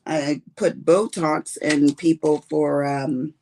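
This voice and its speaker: A woman's voice: sits low, steady tone, slow pace, creaky, darkish tone, slight background noise. A middle-aged woman with a Texas accent, chatting casually with viewers on her crafting livestream and calling them honey and baby. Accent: Texan. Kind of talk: casual chat with viewers while diamond painting.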